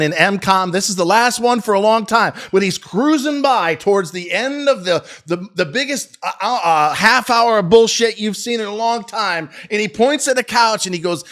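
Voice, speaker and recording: A man's voice: high-pitched, fairly bright tone. A middle-aged man hosting a stock trading channel, ranting sarcastically and profanely as he comments on the market, rambling with frequent restarts.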